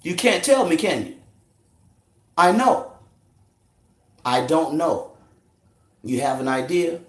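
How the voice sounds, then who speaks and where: A forceful man lectures and interrogates a group, swearing freely as he teaches. His voice sits high for a man and swings widely up and down. The sound rings around an echoey room. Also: big pitch swings, slow pace. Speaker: street teacher debating a crowd. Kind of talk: confrontational street lecture.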